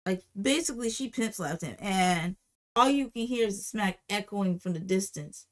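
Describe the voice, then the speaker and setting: A woman's voice: mid-range voice, lively intonation, normal speed. A woman hosting a livestream, telling a casual, rambling story and repeating phrases for emphasis. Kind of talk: casual storytime while drawing.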